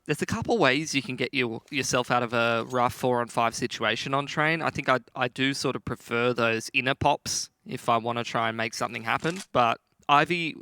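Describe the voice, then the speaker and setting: A man's voice: medium pitch, bright, forceful tone. A man giving chatty, joking color commentary on an esports match. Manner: jokey, chatty. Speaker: esports analyst.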